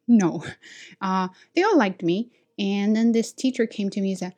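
A woman who speaks English as a second language, her first being Chinese, telling stories from her work as an ESL teacher in a frank, self-assured way and acting out quotes with a raised voice. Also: unhurried. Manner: animated, acts out quotes with high voices. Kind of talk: casual storytelling.

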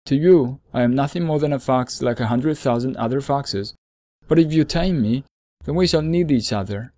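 A man voicing a gentle, lonely male fox in a storybook reading, earnest and measured, explaining things slowly. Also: medium pitch, no echo, natural voice.

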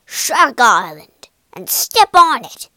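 A bossy pirate captain barks and sneers, as a woman puts him on in a storybook reading, his voice swinging widely in pitch and pushed loud. The room is close and dry. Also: big pitch swings, slow, no room sound, full character voice.

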